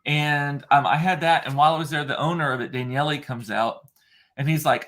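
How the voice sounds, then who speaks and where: A man's voice: fairly high pitch, steady tone, a little fast, fairly bright tone. A man hosting a casual solo chat show, talking in a chatty, rambling way with frequent fillers. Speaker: host.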